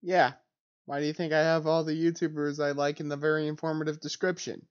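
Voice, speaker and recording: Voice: mid-range voice, flat delivery, brisk, lo-fi sound. A streamer chatting casually while reacting to videos, rambling and trailing off mid-sentence. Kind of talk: casual live-stream chat.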